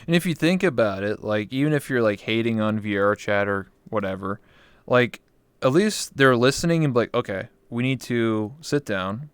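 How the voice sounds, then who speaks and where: A man's voice: medium pitch, animated, normal speed, clear, resonant tone, dry recording. A young man hosting a casual interview chat, rambling and emphatic with lots of fillers. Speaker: talk show host.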